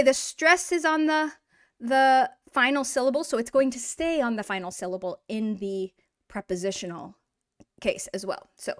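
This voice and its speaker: A woman teaching a grammar lesson in a chatty, encouraging way, asking rhetorical questions and slowly drawing out example words. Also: medium pitch. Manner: drawn-out model pronunciation of example words. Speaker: Russian language teacher.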